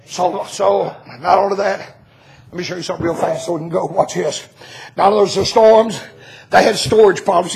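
A man preaching at full tilt, his voice very high and gravelly. He tells his stories with a laugh running through them, rising to ringing shouts and dropping to near whispers. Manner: animated storytelling preaching, swings from shouting to hushed. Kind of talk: sermon.

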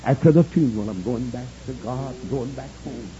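A worn-out old widow, stubborn and sorrowful, as a man preaching acts her out, speaking low and weary. The voice comes through a dull, muffled old recording with a soft hiss underneath. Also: moderate pace, close to an everyday voice. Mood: resolved. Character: grieving bitter widowed old woman.

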